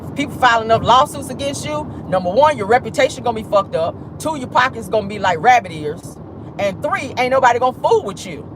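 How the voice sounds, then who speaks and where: A woman with an African American Vernacular English accent, hosting a casual livestream with blunt, sassy commentary. Her pitch swings widely as she talks. Clear traffic noise rumbles behind her. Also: expressive, fairly quick. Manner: sassy, blunt, laughs often. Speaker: vlog host.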